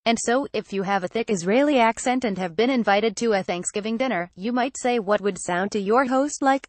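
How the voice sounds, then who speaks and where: A woman reading a written article aloud in a measured, even way. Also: medium pitch, dry recording. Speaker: reader.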